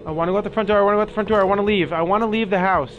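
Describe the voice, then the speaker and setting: Very fast and fairly even in intonation, a young man's high-pitched voice delivers frightened, swearing horror-game commentary aimed at his viewers. He is jumpy. The recording is muffled, with soft music in the background.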